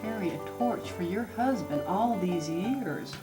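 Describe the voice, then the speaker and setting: A tipsy, sarcastic woman at dinner, played by an actress, trading barbs in a slow, drawling way. Her pitch swoops widely as she mocks her friend. A film soundtrack with clear music sits under the voice. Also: expressive, natural voice. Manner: sarcastic, teasing, theatrical. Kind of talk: indie film acting.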